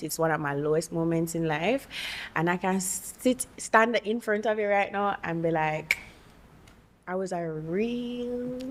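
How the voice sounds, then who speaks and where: A woman's voice: lowish voice, fairly bright tone. Candid young woman on a podcast. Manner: candid, laughs often, trails off and restarts. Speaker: podcast guest. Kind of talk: casual chat.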